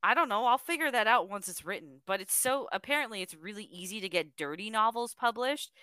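A woman's voice: medium pitch, expressive, brisk, pushed and bright, smooth, dry recording. A young woman co-hosting a casual podcast, chatting and improvising a story with frequent giggles. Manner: giggly, breaks into laughter while narrating. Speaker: podcast co-host.

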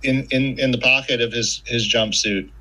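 Podcast guest: a man with a bright, forceful voice and an animated, storytelling delivery, casual and profane. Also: medium pitch, normal speed, poor audio. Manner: animated storyteller, swears freely. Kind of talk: casual conversation.

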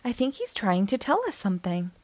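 A woman's voice: mid-range voice, very animated, brisk, darkish tone, no room sound. A woman voicing a curious young girl in a storybook who asks questions and wonders aloud. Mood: thoughtful.

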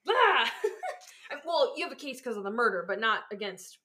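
A woman's voice: on the high side, lively intonation, fast, bright, forceful tone. A woman co-hosting a podcast, reacting expressively in casual chat and laughing easily. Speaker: podcast co-host.

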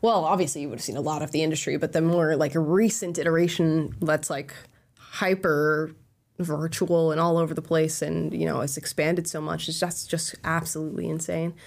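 A woman's voice: sits low, fairly even intonation, moderate pace, creaky. A woman co-hosting a casual livestream, chatty and opinionated, laughing often, from Florida. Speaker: co-host.

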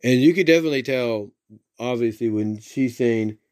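A man's voice: medium pitch, normal speed, darkish tone. A man rambling through a story recap. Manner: rambling, many fillers and restarts, repeats "if you will".

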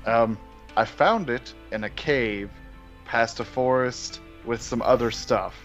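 A man's voice: mid-range voice, takes it slowly, soft background music. A man playing a tabletop game, joking and offhand in casual role-play chat. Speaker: player. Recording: dull lo-fi recording.

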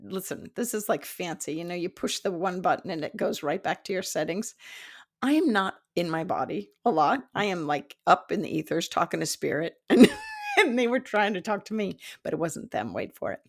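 Fifty-something woman telling a story, kinda low voice, lots of laughing and acting out who said what. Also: moderate pace. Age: 50s. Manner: animated, laughs often, acts out quoted dialogue. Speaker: psychic development teacher. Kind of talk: casual storytelling monologue.

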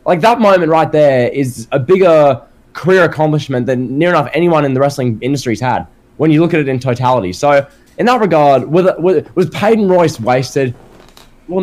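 A man's voice: a little high, animated, a little fast, a little mellow. An Australian man hosting a casual wrestling podcast, firing off rhetorical questions with a sarcastic edge. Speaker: podcast host.

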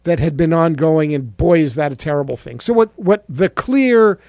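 High-voiced, sarcastic male radio host. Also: lively intonation, moderate pace, gravelly, darkish tone, no room sound. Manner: sarcastic, mocking. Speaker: radio talk show host. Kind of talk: political commentary on talk radio.

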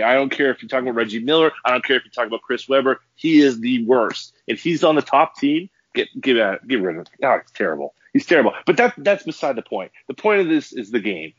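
A man's voice: mid-range voice, no echo, muffled recording. A man co-hosting a sports podcast, ranting emphatically with many restarts and repeated words. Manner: emphatic, repetitive restarts, angry. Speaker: podcast co-host. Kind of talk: heated sports podcast rant.

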